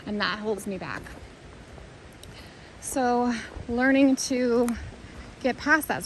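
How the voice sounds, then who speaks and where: A woman's voice: fairly high pitch, fairly bright tone, a little hiss or hum, low-quality recording. A woman talking to the camera while walking a hiking trail outdoors, thinking aloud in an earnest, rambling, reflective way. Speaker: vlogger.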